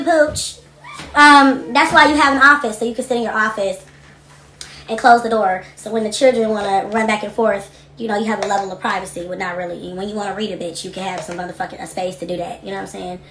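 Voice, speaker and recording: A young adult woman hosting a casual livestream from her home office, reading comments and talking in a blunt, profane, animated way. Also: medium pitch, echoey room, slight background noise. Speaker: livestream host.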